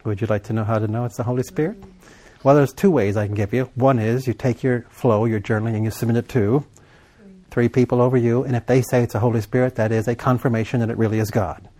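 A man preaching a sermon, leading his congregation in call-and-response and slowing down for emphasis. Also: mid-range voice, steady tone, warm tone. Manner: call-and-response, prompting the congregation to fill in words; emphatic, with slow deliberate stretches.

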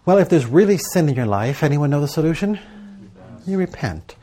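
This middle-aged preacher teaches a live crowd about prayer and journaling, weaving in stories and rhetorical questions in a conversational style. He speaks a little fast in a fairly high, warm voice that swings widely in pitch.

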